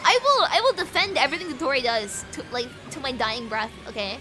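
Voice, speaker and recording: Over the game's music, this British VTuber gabs with her stream while racing, giggly and bubbly, rambling and packing in fillers. She talks quickly with hardly any pauses, her high voice swinging widely in pitch.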